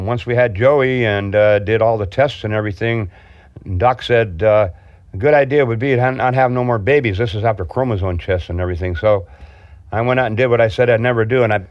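A man's voice: fairly low pitch, dry recording, muffled recording. A man in his sixties talking casually and candidly outdoors, rambling and laughing easily. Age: 60s. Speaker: interviewee, boat owner. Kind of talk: casual chat. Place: outdoors, home and harbor.

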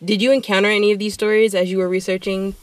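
A man hosting a radio interview, asking questions in a relaxed, conversational way. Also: high-pitched, fast talker, dry recording. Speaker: radio show host.

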